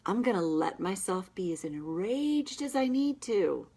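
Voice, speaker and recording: Woman slowly leading a tapping session. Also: medium pitch, very animated, creaky, mellow, husky. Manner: slow, emphatic affirmations. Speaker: tapping practitioner.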